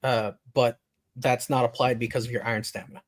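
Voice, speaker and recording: A man running a tabletop game as game master, narrating in a relaxed, halting way. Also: medium pitch.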